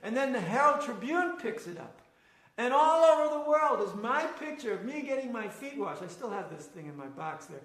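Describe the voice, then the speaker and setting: A man's voice: very high-pitched, moderate pace. A man reminiscing in casual conversation, acting out the dialogue and laughing often as he tells his story. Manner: animated, acts out quoted dialogue, laughs often. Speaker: storyteller recalling past travels. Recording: roomy echoey room.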